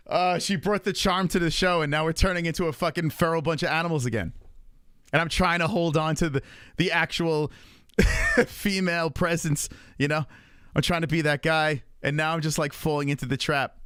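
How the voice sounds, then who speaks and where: A young man hosting a casual livestream, talking in an animated, profane way and laughing often. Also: a little high, dry recording, studio quality. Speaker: livestream host.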